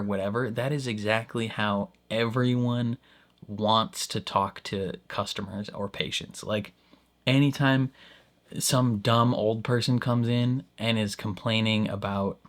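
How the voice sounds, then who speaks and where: A man's voice: medium pitch, fairly bright tone. A man giving casual reaction commentary on a show, rambling and full of fillers, often laughing. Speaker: reaction video host.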